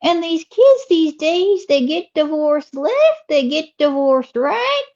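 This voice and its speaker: Comedienne putting on a high chatty southern granny, folksy drawl, deadpan jokes, dull lo-fi sound. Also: female voice, takes it slowly, heavily acted. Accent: Southern US (put on). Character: chatty old Southern widow, gambling granny.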